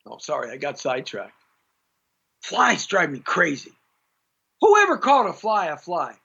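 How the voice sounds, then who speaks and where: A man's voice: on the high side, huge pitch swings, unhurried, gravelly, pushed and bright, slightly rough. A middle-aged man hosting a live-streamed talk show, rambling in a jokey, opinionated way and reading out viewers' comments. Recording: dull lo-fi live stream audio.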